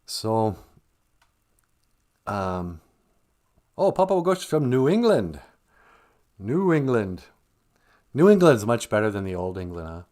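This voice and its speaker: A man's voice: lowish voice, very animated, measured pace, long pauses, darkish tone. A man from Minnesota with an Upper Midwest accent, hosting a casual livestream, chuckling and teaching words while reading viewer comments aloud. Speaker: livestream host teaching Ojibwe. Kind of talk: casual livestream chat and language lesson.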